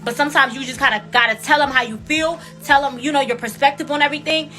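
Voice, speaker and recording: A woman's voice: high-pitched, steady tone, fast, pushed and bright, faint music behind. A woman in her late twenties giving casual, emphatic commentary as a channel host, repeating her points for effect. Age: 20s.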